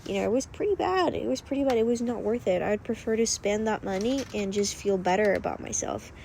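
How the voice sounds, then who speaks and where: A woman's voice: medium pitch, brisk, gravelly, darkish tone, slight background noise. A young woman talking casually to camera as a vlogger and coach, rambling with lots of fillers and repeated words. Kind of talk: casual vlog talk.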